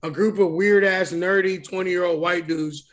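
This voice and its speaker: A man's voice: high-pitched, fairly even intonation, normal speed. A man co-hosting a wrestling podcast, talking bluntly and emphatically with plenty of swearing. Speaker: podcast co-host. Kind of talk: casual wrestling podcast chat.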